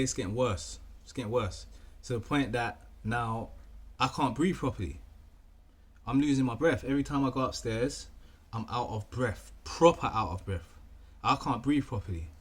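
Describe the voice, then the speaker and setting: A man's voice: lowish voice, a little hiss or hum. A young man telling a rambling, casual story, often repeating himself and saying "you know what I mean.". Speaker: vlogger.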